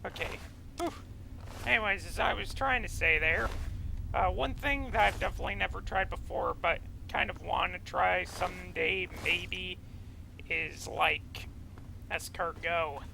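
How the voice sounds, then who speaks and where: A man with a high, gravelly voice talks through a video game in a loose, rambling way, drifting from topic to topic. His tone is bright and forceful, and he takes his time with an unhurried pace. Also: a little hiss or hum, rough recording. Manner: rambling, chatty, goes off on tangents. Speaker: let's play gamer. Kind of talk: casual gameplay commentary.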